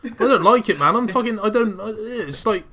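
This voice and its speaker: A young man in casual chat over a game, his voice pitched a bit high with a bright, forceful edge. He swears freely and tells stories with lively energy. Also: moderate pace. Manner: sweary, animated storytelling. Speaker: gaming commentator.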